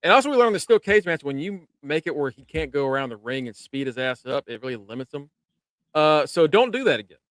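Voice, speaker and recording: A man's voice: mid-range voice, quick pace, hardly any pauses, a bit bright, no echo. A man co-hosting a casual wrestling podcast, running through results in a laid-back way with casual swearing. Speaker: podcast co-host. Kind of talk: casual wrestling recap chat.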